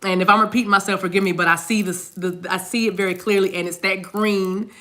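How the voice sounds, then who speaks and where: A woman's voice: medium pitch, fairly even intonation, fairly quick, pushed and bright. A woman giving a casual, rambling tarot card reading, often repeating words and addressing viewers directly. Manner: chatty, rambling, repeats words, sings snatches of songs.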